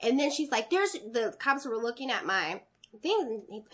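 A young woman in casual conversation, telling a long story in an animated way and acting out the people in it. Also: a little high, moderate pace, husky. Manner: animated, acts out voices in her stories.

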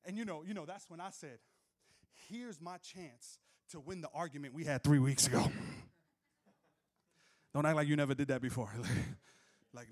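A male pastor preaching a sermon, telling funny stories and joking with the crowd, moving from soft asides to loud shouts. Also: a little high, normal speed, pauses often. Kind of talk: sermon with humorous storytelling. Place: church hall with live audience.

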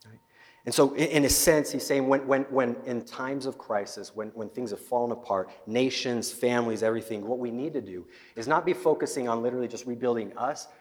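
A man preaching at a middle pitch, his voice carrying a long echo through a large hall. He tells a Bible story with lively storytelling and often repeats words on the way. It sounds like a live church sermon. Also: a little fast. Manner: storytelling, acting out biblical scenes, frequent repeated words. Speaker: pastor.

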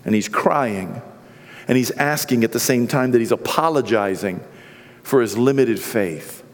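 A middle-aged man preaching a sermon as pastor, swinging from hushed, quiet stretches to loud, impassioned peaks. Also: medium pitch, unhurried. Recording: long reverb of a large hall.

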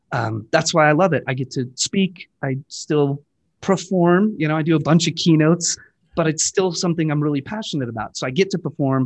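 A man's voice: medium pitch, slightly rough, no room sound. Enthusiastic man telling his story. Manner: enthusiastic storyteller, quick asides. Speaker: guest, digital marketing agency partner. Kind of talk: casual conversational interview.

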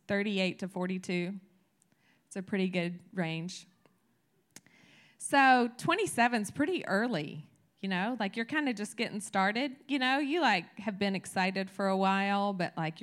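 A woman's voice: on the low side, fairly bright tone. Woman preacher, casual and candid delivery, builds to emphatic peaks, talks straight to the congregation. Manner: candid, chatty, emphatic with rising energy. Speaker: church teacher. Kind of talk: conversational sermon.

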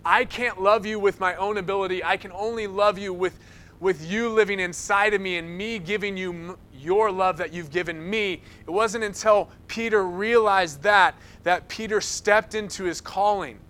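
A man delivering a sermon with a high, bright voice. He tells his stories with energy and acts out the lines of the people in them, and his tone stays smooth and clear. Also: normal speed. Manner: animated storytelling, acts out quotes. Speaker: preacher.

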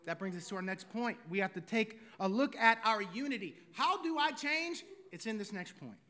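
Preacher guy, middle-aged, real high voice, chatty sermon with lots of "right?" and "y'all". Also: animated, moderate pace, pushed and bright. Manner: conversational preaching with rhetorical questions and Southern slang. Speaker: pastor.

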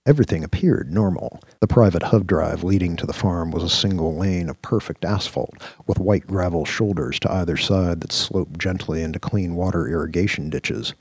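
A man narrating a science-fiction radio story in a measured, descriptive way. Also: low voice, darkish tone, husky, no room sound. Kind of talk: scripted audio-drama narration.

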